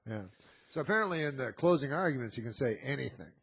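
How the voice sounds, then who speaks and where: A man with a gravelly, slightly husky voice talks as a podcast guest. He spins long, rambling anecdotes in a dry, offhand way, at an ordinary pitch for a man. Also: expressive, fast talker, fairly bright tone. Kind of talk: casual anecdotal storytelling.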